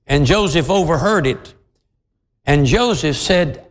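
A man pastor preaching a sermon with dramatic, animated storytelling. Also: high voice, slow. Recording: long reverb of a large hall.

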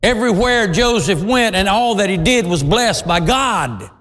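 A man pastor preaching a sermon with dramatic, animated storytelling. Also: high-pitched, measured pace. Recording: long reverb of a large hall.

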